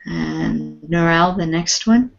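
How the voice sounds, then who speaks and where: A Canadian woman takes an online English class through its vocabulary, slowly and patiently. She sounds out each word with care and encourages her students. The call audio is dull and lo-fi. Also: low voice, gravelly. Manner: encouraging, models words carefully. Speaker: English teacher. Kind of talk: online language lesson. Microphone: video call.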